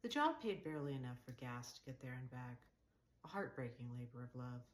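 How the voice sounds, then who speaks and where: A woman author reading her own novel aloud in a calm, measured, wry narration. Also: extremely low pitch, rough recording. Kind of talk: audiobook-style fiction reading.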